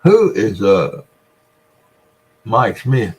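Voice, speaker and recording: Reading viewer comments and chatting along, this older Southern US-accented livestream host rambles through folksy stories in a casual stream. His lowish voice has a measured pace and a darkish tone, and the sound is lo-fi.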